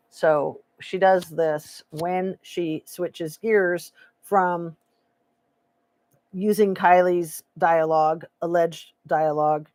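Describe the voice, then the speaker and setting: A woman's voice: sits low, darkish tone. A woman hosting a casual true crime live stream, sarcastic and opinionated, reading chat aloud. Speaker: true crime commentary host.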